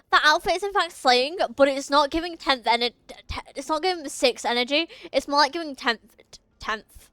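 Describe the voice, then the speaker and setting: A woman's voice: high voice, moderate pace, few pauses, sharp tone, no room sound. A young woman streaming a game, chatting casually with her viewers, giggling and tripping over her words. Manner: giggly, chatty, often talks to chat, trips over words.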